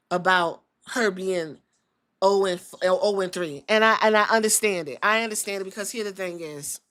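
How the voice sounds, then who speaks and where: Woman podcast host, mid pitch, blunt and profane, animated opinion rant. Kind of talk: opinionated casual commentary.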